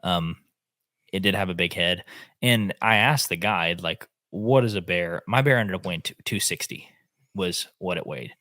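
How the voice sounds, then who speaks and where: A man, a podcast host telling an animated hunting story in casual chat. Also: deep voice, moderate pace, no echo, clean studio sound. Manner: animated, acts out quotes in voices.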